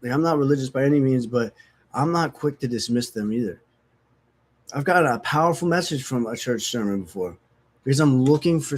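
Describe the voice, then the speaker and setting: A man talking candidly and casually about recovery, frank and profane, rambling and self-mocking, sniffly from opiate withdrawal. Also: medium pitch. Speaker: recovery vlogger. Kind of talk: casual candid talk to camera.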